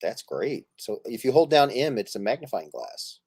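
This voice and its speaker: Playing a card game with friends on a live stream, a host chats casually, laughing, animated and swearing in good fun. His medium-pitched, slightly rough voice moves at a moderate pace, and the studio-quality recording has no room sound.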